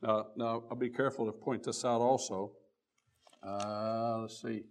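A man preaching a sermon, reading old-style scripture aloud and stopping often to restart, his voice swelling on key words and then dropping low and quiet. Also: flat delivery, measured pace. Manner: reads scripture aloud in King James wording with frequent restarts.

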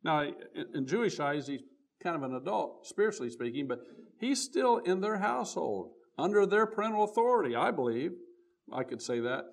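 A man preaching a sermon, reading old-style scripture aloud and stopping often to restart, his voice swelling on key words and then dropping low and quiet. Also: sing-song, moderate pace, gravelly. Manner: reads scripture aloud in King James wording with frequent restarts.

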